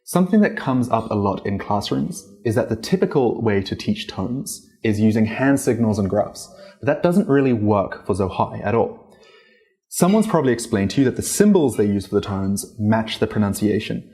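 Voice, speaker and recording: A man whose first language is English, teaching Vietnamese tone pronunciation as a learner, animated and demonstrating tones with his voice. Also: on the low side, moderate pace. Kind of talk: explanatory language lesson. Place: Hanoi.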